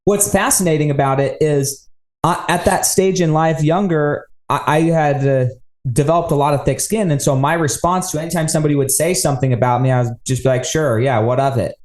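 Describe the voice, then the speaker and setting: Reflective podcast host in a roomy space. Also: male voice, fairly high pitch, a little fast, a little mellow. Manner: reflective, draws lessons from guest's story. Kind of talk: casual interview chat. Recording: roomy echo.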